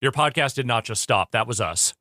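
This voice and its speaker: A male podcast co-host with a bright, forward voice cuts in with wry jokes and measured takes. His pitch is lively and on the high side. The sound is dry and close-miked. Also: dry recording. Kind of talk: casual chat.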